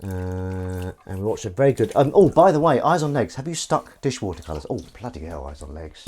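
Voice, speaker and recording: A man's voice: lowish voice, big pitch swings, normal speed, a little mellow, breathy edge. A man chatting casually on a live stream while washing up, rambling, joking and swearing freely.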